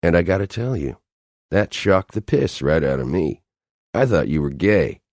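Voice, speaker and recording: A man's voice: low-pitched, sing-song, moderate pace, darkish tone, no room sound, studio quality, voice pushed up, exaggerated voice. A man voicing a cold, commanding male alien agent in an audiobook, speaking in a clipped, exasperated way. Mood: mocking.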